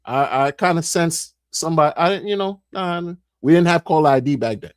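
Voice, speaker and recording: A middle-aged man, a streamer, telling a casual story in an animated way, repeating phrases and acting out what people said. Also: a little high, moderate pace, clear, resonant tone, dry recording, clean studio sound.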